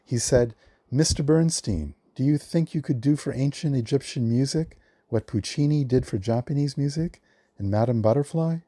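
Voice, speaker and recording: A man reading a prepared film history at a measured storytelling pace, lifting his voice for the quotes he reads. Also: mid-range voice, dark tone, dry recording. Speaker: film librarian guest.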